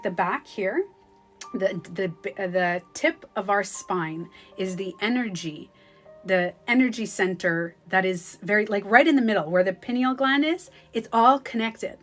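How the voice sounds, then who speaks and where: A woman talking casually as a spiritual coach on a phone livestream, animated and acting out the voices she quotes. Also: mid-range voice.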